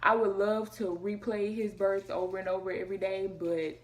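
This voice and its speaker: A young woman telling a personal story to her camera, talking fast and acting out what people said. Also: medium pitch, flat delivery. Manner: fast, emotional retelling, acting out quotes. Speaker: vlogger.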